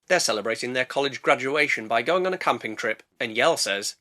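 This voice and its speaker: A man's voice: mid-range voice, expressive, brisk, hardly any pauses, sharp tone. A man recapping a movie with sarcastic jokes, popping in and out of silly voices. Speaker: film reviewer. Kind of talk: comedic movie recap narration.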